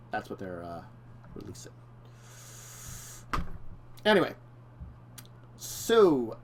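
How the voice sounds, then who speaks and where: A man's voice: mid-range voice, slight background noise. A man co-hosting a casual talk show, rambling and correcting himself, laughing often. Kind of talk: casual chat.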